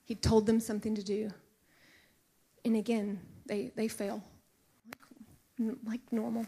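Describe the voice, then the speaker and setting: A middle-aged woman delivers a sermon with a slightly higher pitch than most. Her manner is earnest and intimate, and she sometimes sinks to a soft, hushed near-whisper. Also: level tone, measured pace, long pauses, slightly rough. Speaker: preacher.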